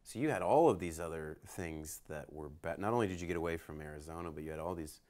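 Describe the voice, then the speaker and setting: A man's voice: rumbling low, quick pace, darkish tone. A man hosting a podcast, asking curious follow-up questions in a casual chat. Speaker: podcast host and interviewer.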